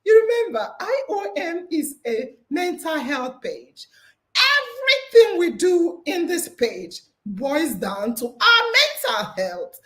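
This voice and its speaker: A woman's voice: very high voice, very animated, slow, fairly bright tone, echoey room. A woman hosting a casual live chat, bubbly and full of laughter, speaking to her listeners as family. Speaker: podcast host.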